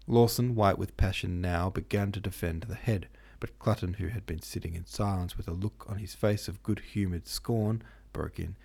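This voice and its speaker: A man reading a novel aloud as host, in steady, measured narration. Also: low voice, creaky, husky. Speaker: host and audiobook reader. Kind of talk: scripted narration.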